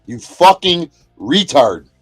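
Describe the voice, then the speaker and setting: Angry high-voiced man ranting, very dry sound. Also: very animated, slow, no room sound, faint music behind. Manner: profane, aggressive, shouts at chatters. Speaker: livestreamer. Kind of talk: angry livestream rant. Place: inside a motorhome.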